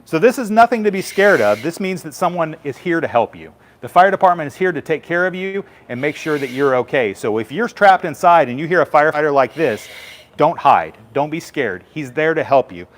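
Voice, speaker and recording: A man's voice: fairly high pitch, expressive, fairly quick. A man, a firefighter, giving a live station tour and patiently explaining equipment to children in simple terms.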